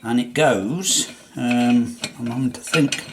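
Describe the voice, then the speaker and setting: Slow-talking older English man in workshop. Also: mid-range voice, noisy background. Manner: chatty, talks himself through each step. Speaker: hobbyist restorer. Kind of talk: workshop demonstration. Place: home workshop.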